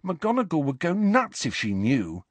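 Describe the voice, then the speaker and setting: A man's voice: fairly high pitch, huge pitch swings, unhurried, no echo, voice pushed up, full character voice. A man voicing a glum, blunt teenage boy who grumbles and complains. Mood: low glum.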